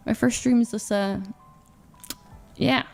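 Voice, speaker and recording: A young woman confessing on a livestream, with a slightly high voice that has a gravelly, creaky texture. She stumbles, restarts and fills her pauses with little laughs, and faint music plays behind her. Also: fairly even intonation, a little mellow. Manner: halting, full of fillers and restarts, nervous laughs. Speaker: streamer. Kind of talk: candid confessional livestream talk.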